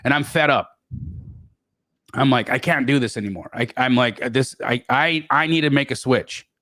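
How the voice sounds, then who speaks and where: A middle-aged man telling stories as a podcast guest, animated, often repeating words and restarting. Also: normal speed, dry recording, clean studio sound. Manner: animated, acts out quoted voices with big pitch jumps. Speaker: guest real estate investor. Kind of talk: storytelling in a podcast interview.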